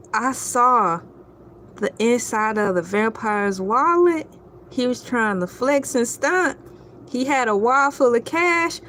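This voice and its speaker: A woman's voice: a little high, fairly bright tone, a little hiss or hum. A woman vlogger telling a comic story in a casual, theatrical way, talking straight to her viewers. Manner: theatrical, playful, addresses viewers as y'all.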